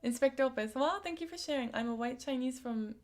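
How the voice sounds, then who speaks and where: A woman's voice: high-pitched, fast, darkish tone. A young woman hosting a casual live stream, chatting and giggling as she answers viewers' comments with lots of "like" and "um". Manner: giggly, chatty, frequent likes and ums.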